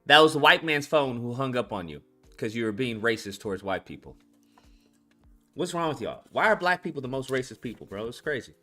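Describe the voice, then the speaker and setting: A man hosting a satirical call-in show, brash and mocking, now and then breaking into loud chants. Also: medium pitch, sing-song, brisk, soft background music.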